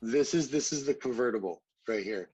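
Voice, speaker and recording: A man's voice: medium pitch, animated, a little fast, darkish tone, breathy edge, poor audio. A man co-hosting a podcast in casual group chat, chatty and rambling, with self-deprecating humor. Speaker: podcast co-host.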